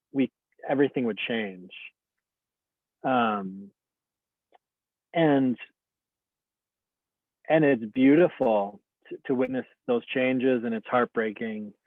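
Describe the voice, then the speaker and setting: A man's voice: medium pitch, no room sound. A man who teaches meditation, speaking in an earnest, open and reflective way, with many casual fillers as he shares personal experience. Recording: dry, tinny phone-like line.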